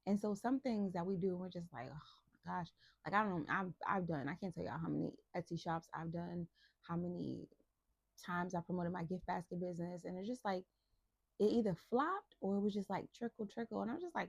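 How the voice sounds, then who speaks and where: A woman's voice: lowish voice, normal speed, vocal fry, a little mellow, slightly rough, no room sound. A woman hosting a casual Bible devotional, talking to listeners in a chatty, playful and encouraging way. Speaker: host of a faith devotional channel.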